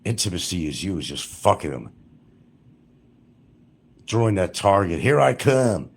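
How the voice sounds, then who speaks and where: Deep husky man telling crude stories. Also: big pitch swings, measured pace. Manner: crude, profane and rambling. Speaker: livestreamer. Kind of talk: rambling livestream storytelling.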